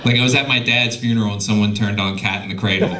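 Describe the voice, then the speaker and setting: A young male stand-up comedian telling profane, animated stories on a comedy club stage into a handheld mic. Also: lowish voice, fast, a loud crowd. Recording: loud noisy live club recording.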